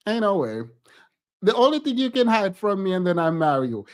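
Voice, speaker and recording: A man's voice: sits high, big pitch swings, a little fast, clear, resonant tone. A man streaming a casual reaction to a reality show, talking in a sassy, emphatic way and laughing often.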